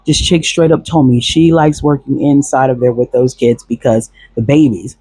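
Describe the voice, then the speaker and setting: A man talks through a personal story in a loose, rambling way, circling back with fillers and restarts. His voice sits at an ordinary pitch with a husky edge. The sound is dry and close, with no room echo. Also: fairly even intonation, normal speed, mellow. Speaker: vlogger recounting a past relationship. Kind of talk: casual storytelling monologue.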